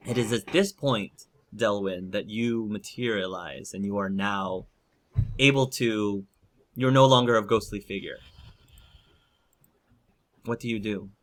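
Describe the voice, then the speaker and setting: A man narrating a tabletop role-playing game as game master, slow and halting, with many fillers. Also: fairly low pitch, a bit bright.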